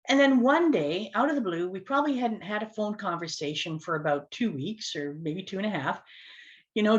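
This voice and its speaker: A woman telling a personal story as a speaker and communication coach, animated and lively, with big swings in her voice. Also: medium pitch, muffled recording. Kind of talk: storytelling talk to camera.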